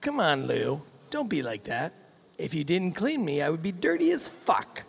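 A man voicing a crude, boastful macho man who narrates his own love scene, reading it in a lower, coarser voice than his own. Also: sing-song, moderate pace, vocal fry, breathy edge, heavily acted. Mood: smug. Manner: coarse swaggering first-person reading. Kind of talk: comic reading of a novel excerpt.

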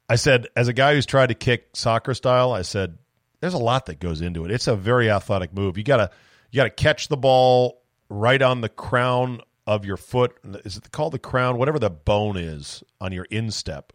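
A man hosting a solo sports podcast, talking in a rambling, animated way with profane, self-mocking asides. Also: medium pitch, no echo, studio quality. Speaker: sports talk podcast host.

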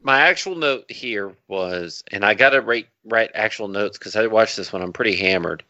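A man co-hosting a casual podcast, talking loosely and excitedly, swearing freely. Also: fairly low pitch, normal speed, no echo, highs cut off. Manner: loose, profane, excited banter. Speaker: podcast co-host.

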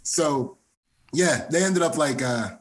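A man's voice: fairly high pitch, slow pace. A man, a comedian guest, telling a story in casual podcast chat and acting out what people said. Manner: animated storyteller who acts out quoted lines.

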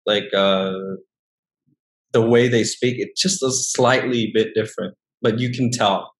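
A young man from northern Vietnam with a Vietnamese accent, speaking English as his second language in a casual interview and often pausing and restarting. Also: lowish voice, fairly even intonation, low-quality recording. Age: young adult. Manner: hesitant, many fillers and restarts. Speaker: guest.

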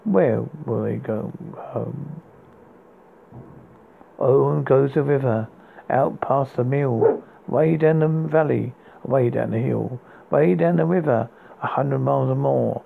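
A podcast host with a mid-range voice and vocal fry reads poems aloud slowly, often stumbling over words and restarting them. The audio is tinny and phone-like, with a faint hiss.

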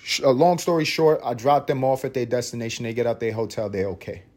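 Animated young man telling a story. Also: fast. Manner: animated, swings pitch and loudness when telling stories. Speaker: podcast host. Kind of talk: casual solo storytelling.

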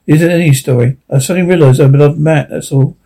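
A man's voice: on the high side, fairly even intonation, fast talker, creaky, mellow, rough recording. A man voicing a distraught young woman with a small, trembling voice in an audiobook reading. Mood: tearful.

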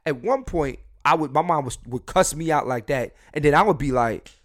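A young man hosting a solo podcast, blunt and swearing freely, his voice swinging between loud and quiet. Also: a little high, normal speed. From Philadelphia. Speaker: podcast host.

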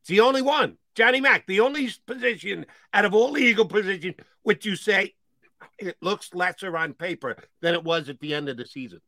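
A man's voice: sits high, expressive, fairly quick, pushed and bright, no room sound. A man co-hosting sports talk radio, insistent and emphatic, barking short commands as he argues.

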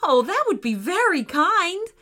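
A woman's voice: very high-pitched, sing-song, unhurried, pushed and bright, soft background music, pitched above the performer's own voice, full character voice. A woman voicing a big female meat-eating dinosaur who moans and wails in theatrical self-pity. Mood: gentle.

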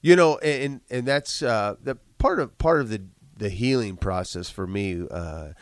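A man's voice: fairly low pitch, measured pace, no room sound. A man with a congested voice and a slight cough, telling earnest motivational stories in a casual podcast chat with frequent restarts. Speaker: guest, business owner.

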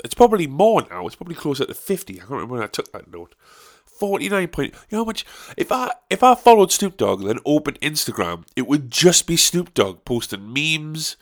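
A man hosting a podcast, ranting alone in a profane, sarcastic way. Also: mid-range voice. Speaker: podcast host. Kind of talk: solo podcast rant.

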